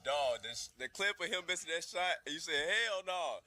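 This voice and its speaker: A man's voice: on the high side, animated, a little fast, pushed and bright, dry recording. A man from Indiana in a casual chat, setting up a story with enthusiasm. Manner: enthusiastic setup, quotes a clip gleefully.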